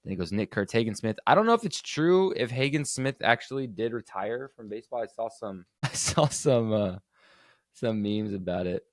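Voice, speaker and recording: Low-voiced man rambling about sports. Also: lively intonation, brisk, no room sound, clean studio sound. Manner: rambling, filler-heavy, frequent restarts. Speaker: podcast host. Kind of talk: casual solo sports talk.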